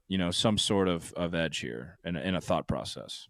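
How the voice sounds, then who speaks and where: A man with a hoarse, fairly low voice hosts a laid-back betting podcast. He talks loosely, swears now and then, and keeps throwing questions to his co-host. The sound is dry and close. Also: lively intonation, moderate pace, a bit bright, no room sound. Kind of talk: casual sports betting chat.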